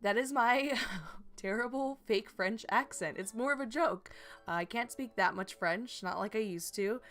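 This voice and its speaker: A woman's voice: on the high side, measured pace, fairly bright tone. A woman vlogger chatting casually about her game build, rambling and giggly with frequent restarts. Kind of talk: casual chat.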